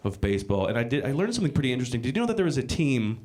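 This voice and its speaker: A man's voice: medium pitch, sing-song, very fast, a little mellow. A man performing a stand-up comedy set on a club stage, rambling and crude, with frequent restarts and swearing. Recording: live club recording with crowd laughter. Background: audience laughter.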